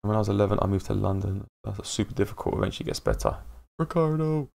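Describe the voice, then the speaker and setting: A man's voice: lowish voice, lively intonation, fast talker, gravelly, darkish tone. A man chatting casually on a live stream, rambling and laughing at himself as he greets viewers.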